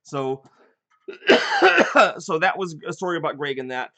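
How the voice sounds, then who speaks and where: An older man hosting a casual live chat, telling animated stories from his gaming sessions. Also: a little high, slow. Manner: animated storyteller, rambling with restarts.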